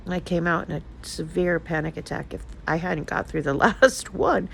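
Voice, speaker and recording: A woman's voice: fairly low pitch, fairly even intonation, normal speed, creaky, slightly rough, rough recording. An older woman talking casually in a personal vlog, emotional and rambling as she confides in her viewers. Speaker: vlogger.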